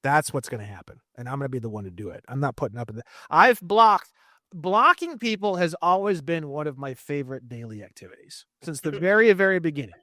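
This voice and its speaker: A man as an interview guest, ranting heatedly with lots of swearing and fast bursts. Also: on the high side, animated, sharp tone, no room sound, clean studio sound. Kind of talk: casual interview talk.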